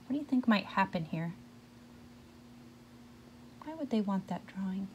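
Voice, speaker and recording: A woman reading a picture book aloud, pausing now and then to ask her listeners questions about the story. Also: medium pitch, lively intonation, lo-fi sound, noisy background.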